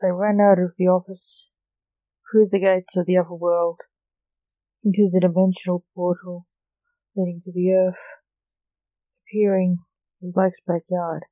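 A woman author reading her own gothic story aloud in a calm, measured way, close to a dry mic. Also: fairly low pitch, no room sound, phone-quality sound. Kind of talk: audiobook story narration.

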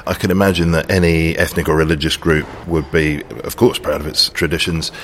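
A man interviewing a guest, asking measured, probing questions. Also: rumbling low, level tone, fairly bright tone, slight background noise.

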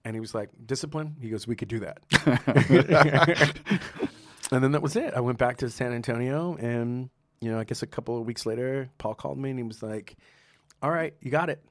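Dry-sounding man telling lively stories. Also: medium pitch, moderate pace, dry recording. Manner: animated, laughs often, acts out quoted dialogue. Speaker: guest, sommelier and restaurateur. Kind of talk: casual storytelling interview.

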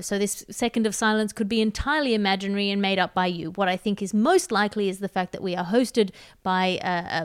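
A woman from Australia hosting a satirical news podcast in a deadpan, mock-exasperated way. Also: medium pitch, smooth. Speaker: comedy podcast host.

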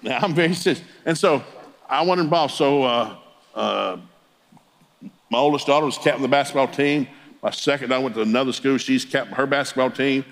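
A middle-aged man, a Pentecostal preacher, telling humorous family stories in a sermon and chuckling as he talks. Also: mid-range voice. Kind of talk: folksy storytelling sermon.

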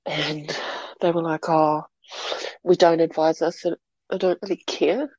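Aussie woman, lowish mellow voice, dry dull lo-fi sound, halting retelling. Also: fairly even intonation, husky, no echo. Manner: halting, repeats words while recounting. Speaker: interview guest. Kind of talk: personal story told in an interview.

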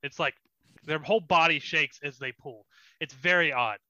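A man's voice: fairly high pitch, moderate pace, sharp tone, dry recording, highs cut off. A young man narrating as dungeon master of a tabletop game, in a casual, descriptive way. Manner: descriptive, laughs often, casual.

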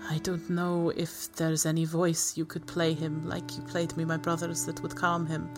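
A woman voicing a young woman freed from captivity, who speaks haltingly and breaks into tearful apologies. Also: low-pitched, monotone, over music. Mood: earnest. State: crying.

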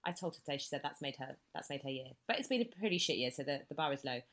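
A woman's voice: deep voice, rapid-fire. Woman in her forties with a cold. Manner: rambling, animated storytelling. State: has a cold. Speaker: podcast co-host. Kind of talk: casual chat.

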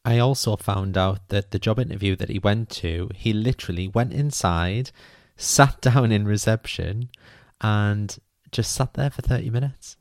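A young British man hosting a podcast, telling his own story in an animated, self-mocking way and swearing freely. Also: fairly low pitch, moderate pace, dry recording, studio quality. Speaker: podcast host.

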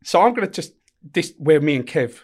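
A man's voice: a little high, very animated, moderate pace, darkish tone. A middle-aged man, a guest in a podcast interview, telling stories bluntly and swearing freely. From England. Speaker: podcast guest, former prison officer. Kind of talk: casual storytelling interview.

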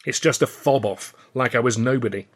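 A man's voice: medium pitch, brisk, breathy edge, lightly acted. A man reading an audiobook, voicing an earnest, giggly and easily hurt male comedian with a lilting, slightly plaintive manner. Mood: downcast.

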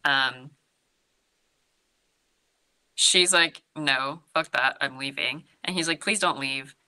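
Low bright-voiced woman retelling a story. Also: slow, low-quality recording. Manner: storytelling with frequent "like" and acted-out quotes. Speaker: co-host recapping a horror film. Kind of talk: casual chat.

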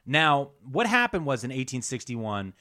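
A man hosting a casual comedy podcast, telling history in an animated, rambling, jokey way. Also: medium pitch, moderate pace. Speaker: podcast host.

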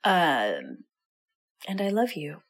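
A woman's voice: sits low, huge pitch swings, drawn-out words, slightly rough. Candid, swearing woman podcast host. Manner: candid, swears casually, earnest and warm-hearted. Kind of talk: intimate monologue to listeners.

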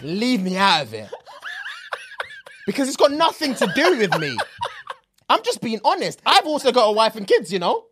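A man, co-hosting a podcast, emphatic and quick to laugh. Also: extremely high pitch, big pitch swings, a bit bright, a little hiss or hum. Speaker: podcast co-host. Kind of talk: casual banter.

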